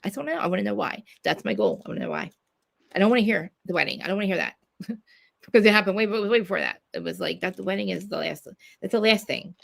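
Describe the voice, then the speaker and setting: A woman's voice: medium pitch, big pitch swings, fast, vocal fry, a bit bright. A woman from New Jersey, ranting in casual chat, swearing a lot and restarting her sentences. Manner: profane, ranting, many restarts.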